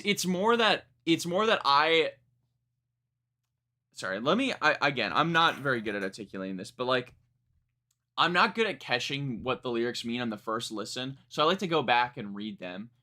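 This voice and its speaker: A young man with a bright, forward voice gives a live song reaction in casual chat. He rambles, restarts his sentences and swears freely as he picks apart the lyrics. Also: medium pitch, lively intonation, moderate pace. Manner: rambling, self-correcting, frank and profane. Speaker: music reaction streamer.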